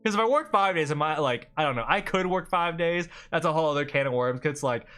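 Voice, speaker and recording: A man's voice: a little high, animated, fast, a bit bright, clear, resonant tone, soft background music. Rambling, chatty male streamer. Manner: rambling, chatty, laughs often. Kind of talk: casual livestream chat.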